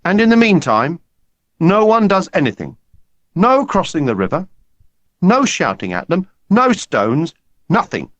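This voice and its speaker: Brief: boisterous schoolboy leader, man reading, high and pushy, animated delivery. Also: measured pace, pauses often, no echo, lo-fi sound, heavily acted. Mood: rallying. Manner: loud, urgent, pleading.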